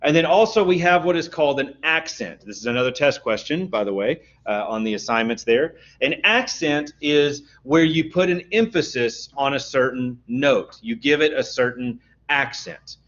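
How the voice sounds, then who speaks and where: A male music instructor lectures in an everyday, mid-range voice, walking through definitions patiently and pausing to check that the class follows. The recording is dull and lo-fi, with the top end muffled. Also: mid-range voice, lively intonation, fairly bright tone. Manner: explanatory, often checks understanding with "okay?".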